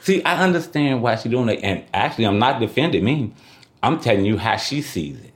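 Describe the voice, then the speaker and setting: A middle-aged man from Oakland, California, chatting casually as a podcast guest, boastful and quick to laugh. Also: medium pitch, big pitch swings. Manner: boastful, laughing, colloquial street talk. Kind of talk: casual chat.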